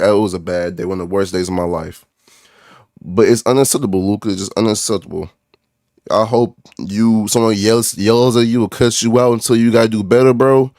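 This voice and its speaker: A man's voice: on the low side, darkish tone, dry recording, clean studio sound. A young man ranting as a basketball fan, frustrated and repetitive, calling out players by name and saying "bro" often. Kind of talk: ranting sports reaction vlog.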